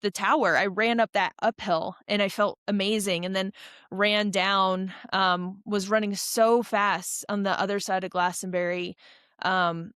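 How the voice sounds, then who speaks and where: Young woman rambling through a race story, lots of likes and restarts, mid pitch, dry close sound. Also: a little slow, clear, resonant tone, dry recording. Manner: animated, rambling storytelling with many fillers and restarts. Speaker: podcast guest, ultra runner. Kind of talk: casual storytelling interview.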